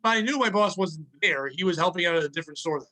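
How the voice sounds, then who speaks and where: A man co-hosting a podcast, telling work stories in a casual, profane, animated way and acting out the people in them. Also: high voice, fast talker, rough recording. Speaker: podcast co-host. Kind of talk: casual storytelling chat.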